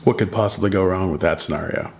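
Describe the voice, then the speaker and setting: A man's voice: sits low, fast talker, creaky, slight background noise. A man co-hosting a casual podcast chat, talking in a dry, teasing, matter-of-fact way. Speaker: podcast co-host.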